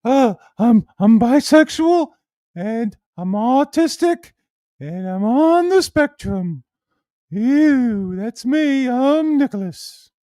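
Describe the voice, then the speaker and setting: A man putting on a high, mocking impression of a whiny, awkward young man. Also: animated, slow, warm tone, dry recording, studio quality, full character voice.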